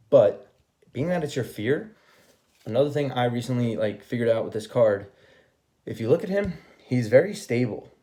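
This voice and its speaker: A young man giving a casual tarot reading, swearing freely, acting out quoted voices and ending points with a checking "okay?". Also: medium pitch. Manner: profane, animated, acts out quoted voices. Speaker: tarot reader.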